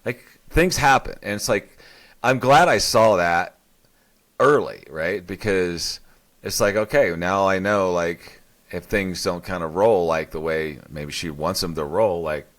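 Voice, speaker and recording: A man's voice: low-pitched, unhurried, a bit bright. A middle-aged man co-hosting a casual conversation, rambling with many restarts and fillers. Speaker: podcast co-host.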